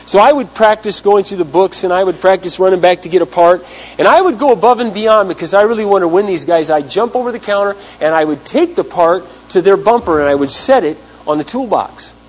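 A man preaching a sermon, telling a story in an animated way and acting out the people he quotes. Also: high voice, brisk, dull audio. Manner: animated storyteller, acts out quotes, big swings in loudness. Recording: hum with long hall reverb.

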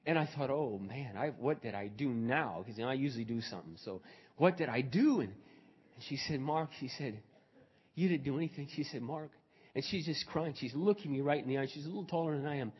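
A male pastor preaching a sermon, moving from quiet storytelling to loud, fervent preaching. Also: mid-range voice, expressive, a little fast, husky. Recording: dull recording in a reverberant hall.

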